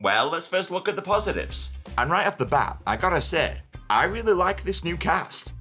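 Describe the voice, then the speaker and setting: Man, comedic review narration, sardonic, profane, lively pitch. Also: moderate pace, hardly any pauses, faint music behind. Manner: sardonic, profane, self-mocking.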